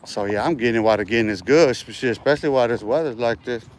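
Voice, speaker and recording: A man's voice: mid-range voice, fast talker. A man livestreaming outdoors in a park while walking, talking casual street slang and boasting with profanity.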